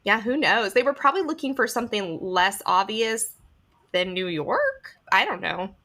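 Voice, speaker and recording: A woman co-hosting a podcast, chatting casually with giggly, animated reactions. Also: medium pitch, moderate pace. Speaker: podcast co-host. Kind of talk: casual chat.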